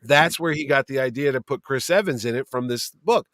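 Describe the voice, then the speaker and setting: A man's voice: mid-range voice, a little fast, no echo. A man who produces and owns a comic convention, telling stories in a casual chat with loose swearing. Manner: storytelling, animated, swears casually.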